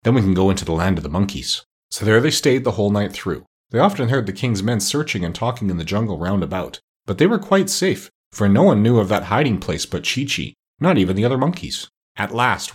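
A man narrating a children's storybook aloud at a steady, unhurried pace. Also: fairly low pitch, slightly rough. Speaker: audiobook narrator.

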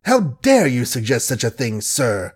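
Man doing a stout gentleman, indignant and blunt, thundering at someone, storybook reading. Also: mid-range voice, huge pitch swings, unhurried, breathy edge, heavily acted. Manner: indignant, forceful.

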